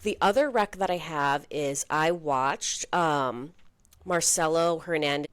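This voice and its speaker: A young woman co-hosting a podcast in casual chat, peppering her talk with "like" and quick asides. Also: sits low, fairly bright tone, clear, resonant tone, no echo. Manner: chatty, heavy use of "like", quick asides. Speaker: podcast co-host.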